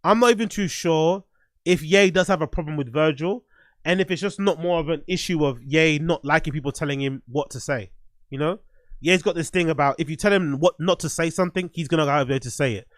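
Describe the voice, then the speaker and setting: Blunt man, fairly high voice. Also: brisk, no room sound, clean studio sound. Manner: blunt, profane, opinionated; thinks aloud with restarts and fillers. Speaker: podcast host. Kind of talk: casual livestream commentary.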